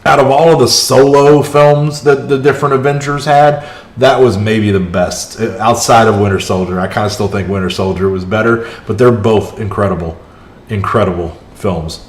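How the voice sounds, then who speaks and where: A man's voice: fairly low pitch, fairly even intonation, normal speed. Man streaming gameplay in an echoey room. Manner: chatty, reacts aloud to the match, chats with viewers. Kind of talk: live gameplay commentary. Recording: roomy echo.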